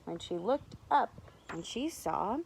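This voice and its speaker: A woman teacher reading a picture book aloud to young children, animated, stopping to ask them to guess. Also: mid-range voice, slow pace, vocal fry, slight background noise, low-quality recording. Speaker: preschool teacher.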